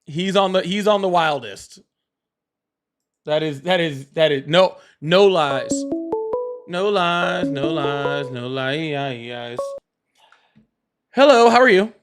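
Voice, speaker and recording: A man's voice: on the high side, expressive, slow, pauses often, faint music behind. A man with a Southern American accent hosting a casual live call-in stream, blunt and teasing, often laughing.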